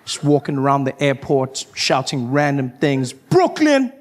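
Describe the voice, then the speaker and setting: A man's voice: medium pitch, level tone, moderate pace, background noise. A South African man doing a stand-up comedy set, wry and self-mocking, acting out people as he talks. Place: live comedy stage.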